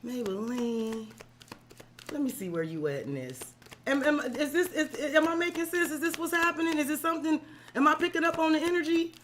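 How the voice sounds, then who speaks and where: A woman's voice: high-pitched, expressive, fast, fairly bright tone, slight background noise. A woman reading tarot on a live stream, talking to the client in casual, profane slang and checking in with them often. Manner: addresses the client directly, checking in with "right?". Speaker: tarot reader.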